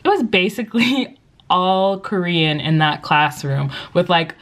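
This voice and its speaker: A woman's voice: fairly low pitch, lively intonation, a little slow. A young woman who teaches English, giving casual advice in a vlog, chatty and upbeat with lots of likes and you-knows. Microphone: compact vlogging camera.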